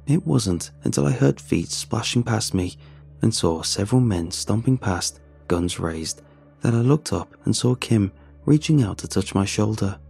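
A man narrating a first-person horror story in a measured, tense storytelling manner. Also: lowish voice, animated, vocal fry, a little mellow, slightly rough, faint music behind.

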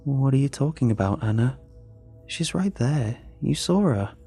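A man's voice: mid-range voice, expressive, a little slow, dark tone, faint music behind, voice pushed up. A man voicing a stern middle-aged mother who scolds her daughter defensively. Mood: scolding.

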